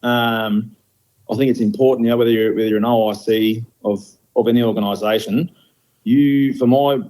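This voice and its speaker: A man's voice: medium pitch, fairly even intonation, fairly quick, mellow, poor audio. A middle-aged man with an Australian accent, a firefighter guest talking candidly and bluntly, with lots of fillers. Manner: blunt, outspoken, frequent fillers. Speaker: guest, firefighter station officer. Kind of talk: candid conversational interview.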